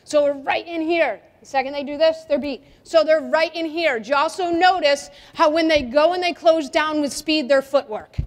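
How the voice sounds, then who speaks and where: High-voiced woman coaching in a gym. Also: moderate pace, few pauses. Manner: directive, energetic, asks questions of players. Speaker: soccer coach. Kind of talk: coaching clinic demonstration. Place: indoor gym. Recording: long reverb of a gym hall.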